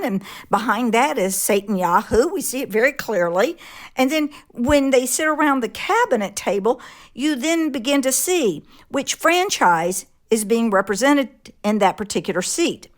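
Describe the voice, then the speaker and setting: A woman with a fairly high voice talks politics on a chat show, her pitch moving in wide, animated swings. She speaks bluntly and swears now and then. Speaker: co-host. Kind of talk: casual political talk.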